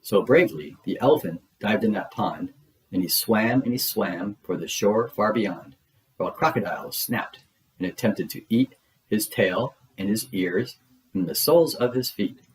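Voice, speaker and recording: Low-voiced guy reading a rhyming kids book out loud, bouncy rhythm. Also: moderate pace, low-quality recording. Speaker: storyteller. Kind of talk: storybook read-aloud.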